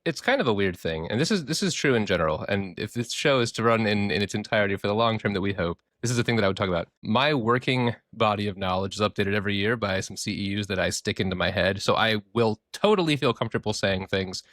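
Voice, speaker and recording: A man's voice: lowish voice, animated, fast, few pauses, a bit bright, dry recording, clean studio sound. A man co-hosting a podcast, explaining things in a rambling, jokey way with some swearing. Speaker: podcast co-host. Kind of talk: casual chat, explaining.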